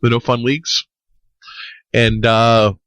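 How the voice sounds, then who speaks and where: A man's voice: medium pitch, little pitch movement, slow pace, a bit bright, clean tone, dry recording. A young man co-hosting a podcast in casual chat, rambling, swearing and joking. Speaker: podcast co-host.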